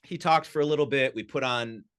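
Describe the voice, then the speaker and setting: A man telling lively personal anecdotes as a podcast guest, talking casually with lots of "you know" and "like". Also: medium pitch, brisk. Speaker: podcast guest, sound healer. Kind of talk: casual storytelling. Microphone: studio podcast mic.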